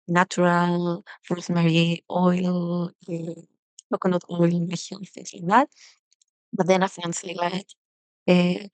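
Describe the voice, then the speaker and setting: A woman yoga teacher giving a casual self-love talk with guided breathing, speaking softly and gently with frequent fillers and restarts. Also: on the low side, clean tone, dry recording, poor audio.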